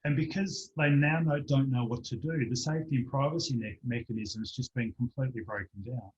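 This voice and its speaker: A man, a practitioner telling a lively anecdote as a guest in an online interview, acting out the voices of the people in it. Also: medium pitch, a little fast. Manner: animated storyteller, acts out voices in anecdotes. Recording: dull lo-fi online call audio.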